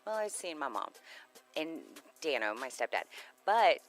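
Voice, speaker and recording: A woman's voice: low-pitched, sing-song, moderate pace, faint music behind, low-quality recording. A woman co-hosting a casual radio chat show, rambling, giggly and easily sidetracked. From Texas.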